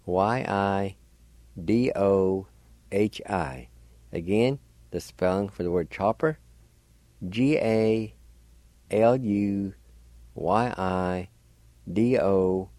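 On the radio, a man with a lowish, dark voice gives a slow language lesson, patiently spelling words letter by letter and pronouncing them. The recording has no echo.

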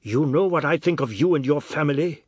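A man voicing a stubborn wife who answers in an exaggeratedly calm, firm way. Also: on the high side, a little fast, slightly rough, no echo, studio quality. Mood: defiant.

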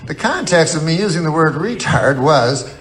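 A man doing a stand-up comedy set, rambling and mock-earnest in a deadpan way, with sudden outbursts. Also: fairly high pitch, normal speed. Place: live comedy venue with laughing audience. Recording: live stage recording with crowd laughter and noise. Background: audience laughter.

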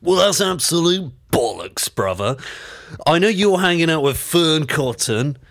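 A pompous, posh English talk-radio host, acted by a man, ranting indignantly at his callers. His pitch swings widely, and the sound is dry and close. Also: lively intonation, a little slow, fairly bright tone, no echo.

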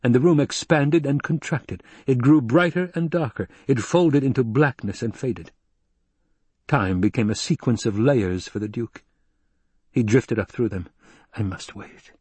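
A man narrates an audiobook in a measured, steady way, with a husky tone. The sound is close and dry, with no room around it. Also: medium pitch, no echo. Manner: measured storytelling. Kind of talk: scripted narration.

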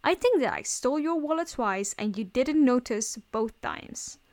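Brash teenage boy thief, swearing, snapping, voiced by a woman, high-ish voice, read-aloud story. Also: lively intonation, normal speed, a little mellow. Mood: defiant.

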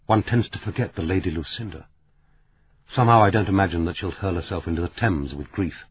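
A man's voice: deep voice, a little fast, husky. A man voicing a sardonic, brittle middle-aged woman academic with a dry, cutting manner. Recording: narrow phone-like audiobook sound.

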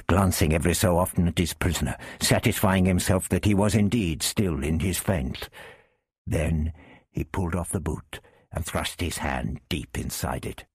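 Deep husky guy reading an adventure story, dry close sound. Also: no room sound. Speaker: narrator.

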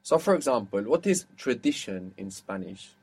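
A man's voice: fairly low pitch, big pitch swings, moderate pace, darkish tone, husky. A man teaching a one-on-one language lesson, patiently explaining step by step and quizzing his student.

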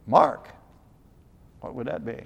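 A man's voice: medium pitch, slow, gravelly, in a large hall, slight background noise. A man preaching a sermon in a rambling way, searching for words and quizzing his congregation. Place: church hall.

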